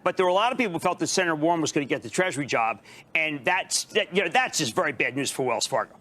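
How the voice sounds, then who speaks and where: Male market pundit on a news interview, emphatic and excitable, bright forceful tone. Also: a little high, racing. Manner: emphatic, excitable, talks in bursts. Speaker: TV financial commentator.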